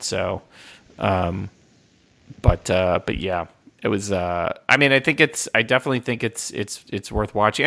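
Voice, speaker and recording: A young man co-hosts a casual film chat podcast, ranting profanely and laughing often. His voice is fairly low and a bit bright, with vocal fry.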